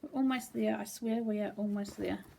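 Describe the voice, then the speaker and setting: With a gravelly, medium-pitched voice and moderate pace, a woman rambles casually through her cross-stitch work at home, filling pauses with frequent ums. Slight background noise can be heard.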